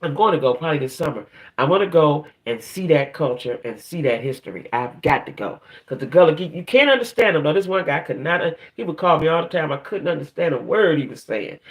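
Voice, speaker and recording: Man, livestream host, higher-pitched, loose rambling chat style. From northern United States. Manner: rambling, chatty, keeps checking in with "right?" and "y'all".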